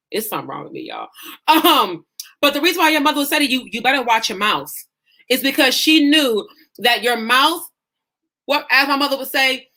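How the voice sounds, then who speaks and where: A woman life coach leads a live-streamed lesson in an emphatic, folksy, preacher-like way. Her voice sits a little high and comes across bright and forceful. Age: adult mother.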